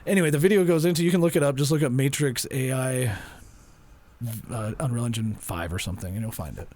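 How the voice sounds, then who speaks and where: A young man co-hosting a podcast, chatting casually and acting out what people said in lively voices. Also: medium pitch, fast. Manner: animated storyteller, acts out quotes in voices. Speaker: podcast co-host.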